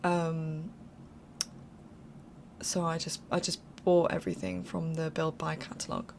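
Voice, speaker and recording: A young woman talks through a game build in loose, unscripted voiceover. Her voice sits on the low side with a gravelly fry, and she rambles, apologizes and laughs her way through. A faint hum sits under her voice. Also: flat delivery, slow pace, darkish tone. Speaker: game speed-build creator. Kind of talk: casual voiceover commentary.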